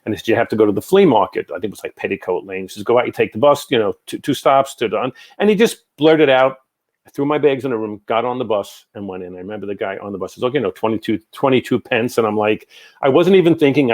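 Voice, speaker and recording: An older man tells rambling stories in a relaxed interview, circling back with asides and quick quotes of what people said. His voice sits a bit low for a man. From New York. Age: 60s. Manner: rambling, animated anecdotes with many asides. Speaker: guest, psychic medium. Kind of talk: casual storytelling in an interview.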